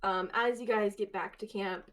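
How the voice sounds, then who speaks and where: A woman running a tabletop game as game master, narrating in a quick, loose way. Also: mid-range voice, steady tone, a bit bright.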